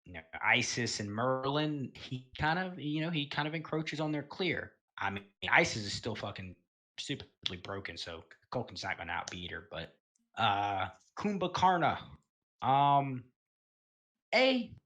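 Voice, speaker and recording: A man's voice: mid-range voice, a little slow. A man giving casual, rambling commentary on a gaming tier list, full of fillers and self-corrections and the odd swear word. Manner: relaxed, offhand, occasional swearing.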